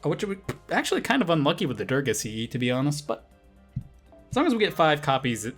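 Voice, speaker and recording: A man commenting on his gacha rolls, getting excitable, swearing and pleading with the game. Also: on the high side, fast talker, breathy edge, soft background music. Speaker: game streamer.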